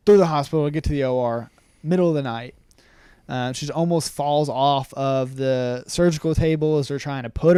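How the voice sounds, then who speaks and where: A man's voice: medium pitch, mellow, smooth, dry recording. A young man co-hosting a podcast, retelling a story in casual chat with plenty of "um"s and quoted lines.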